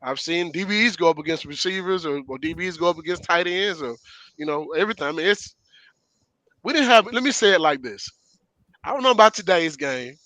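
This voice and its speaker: A middle-aged man tells stories in a bright, forceful voice. He talks with emphasis and conviction, and his voice sits on the higher side. The recording is close and dry. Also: animated, a little fast, dry recording, low-quality recording. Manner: storytelling, emphatic, laughs often. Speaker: former player and show regular. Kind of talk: casual sports talk.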